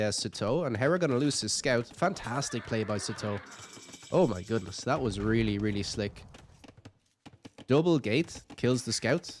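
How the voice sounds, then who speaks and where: A man's voice: medium pitch, a little hiss or hum. A man giving casual commentary on a strategy game match, chatty and thinking aloud with light jokes. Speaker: game caster.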